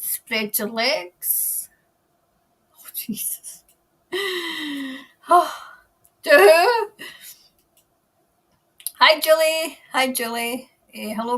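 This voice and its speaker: A Scottish woman chats her way through a livestream, reading out viewer comments and greeting people by name. Her voice sits a little high and stays easygoing and unscripted. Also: a bit bright. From Scotland. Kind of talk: casual livestream chat. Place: New Zealand.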